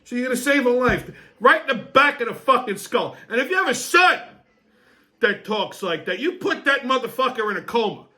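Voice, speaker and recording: A man's voice: very high-pitched, sing-song, normal speed, sharp tone. A man hosting a comedy show, delivering a crude, brash rant full of swearing and mock outrage. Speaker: show host.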